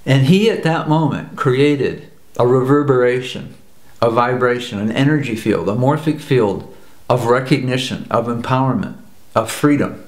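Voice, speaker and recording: Earnest male speaker from the US, mid pitch, roomy echo; storytelling teacher. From United States. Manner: earnest, repeats phrases for emphasis. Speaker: personal growth teacher. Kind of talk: spoken storytelling talk.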